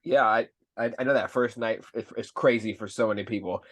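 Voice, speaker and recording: A man's voice: fairly low pitch, steady tone, a little fast, dry recording. A man hosting a podcast interview, chatting casually, upbeat and encouraging toward his guest, with some casual swearing. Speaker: podcast host.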